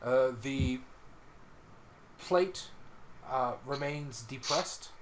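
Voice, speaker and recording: A man's voice: mid-range voice, extremely slow, slight background noise. A man narrating as game master in a tabletop game, laid-back and stopping for fillers.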